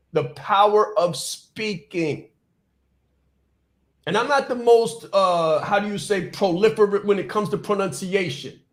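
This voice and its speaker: A man hosting a podcast, giving a fast, emphatic motivational talk, repeating his points and stumbling over words without stopping. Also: high-pitched. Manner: fast, repetitive, emphatic preaching. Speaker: podcast host and business coach. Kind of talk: motivational speech.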